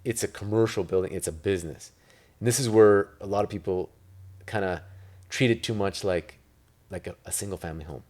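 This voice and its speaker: In a relaxed interview, a man from Italy drifts through real estate talk full of filler words. He has a deep, slightly mellow voice and speaks fairly quickly.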